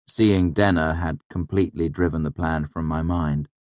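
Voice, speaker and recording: Brief: man, audiobook narrator, very low voice, dry studio sound. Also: steady tone, moderate pace, a little mellow, no echo. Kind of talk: scripted narration.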